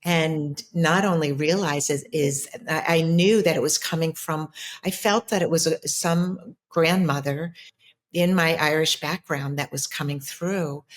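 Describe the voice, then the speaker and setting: Low-voiced woman telling a spiritual story. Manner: earnest, reflective storytelling with frequent restarts. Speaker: ancestral healer and spiritual coach. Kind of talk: interview guest telling a personal story.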